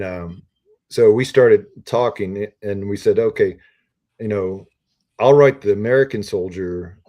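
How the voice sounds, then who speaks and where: A retired Army officer in his fifties tells stories as a podcast guest, his voice low-pitched and dark. He rambles along casually and fills his pauses with ums and uhs. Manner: rambling, filler-heavy storytelling with many ums and uhs. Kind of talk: casual storytelling interview.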